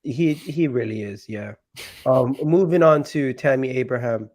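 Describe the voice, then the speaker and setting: A man hosting a casual football talk show, sounding sick and nasal, talking haltingly with many restarts. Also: mid-range voice, a little mellow. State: sick, nasal and deeper than usual. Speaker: football channel host.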